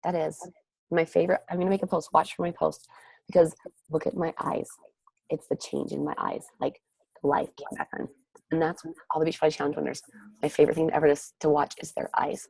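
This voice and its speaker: Low-voiced, upbeat woman coach. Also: little pitch movement, creaky, darkish tone, husky, dry recording, low-quality recording. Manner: upbeat, gushing, rapid encouragement. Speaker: network marketing coach leading a team call. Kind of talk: motivational pep talk. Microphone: group call audio.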